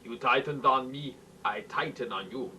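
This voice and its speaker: A man's voice: mid-range voice, moderate pace, pushed and bright. A man putting on a premier. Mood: smug. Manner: broken, pleading English. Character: blustering then pleading male Soviet premier. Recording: faint hiss, mic far off.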